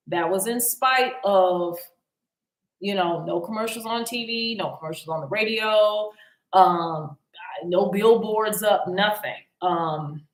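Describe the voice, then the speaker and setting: A woman talking casually to her viewers in a slightly low voice, wandering through her points with frequent ums and false starts. The sound carries a noticeable room echo. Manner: rambling, many ums and restarts. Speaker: YouTube commentary host. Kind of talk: casual vlog commentary. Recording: echoey room.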